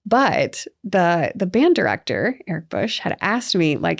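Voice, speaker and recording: Young woman on a sports podcast, super chatty, pitch jumps all over, kinda low voice, lots of "like". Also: unhurried, creaky, hardly any pauses. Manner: chatty, lots of "like" fillers, animated storytelling. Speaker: podcast co-host. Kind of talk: casual sports chat.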